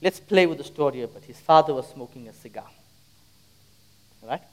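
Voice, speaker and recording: A man's voice: mid-range voice, animated, normal speed. A man preaching a sermon in a church, telling a story dramatically and pressing the congregation with repeated rhetorical questions. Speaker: pastor.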